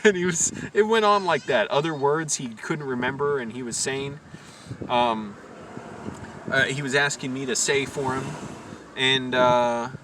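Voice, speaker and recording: A man's voice: medium pitch, unhurried. A man from Virginia telling a long rambling story in a casual, amused, self-correcting way. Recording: distant mic with loud background noise.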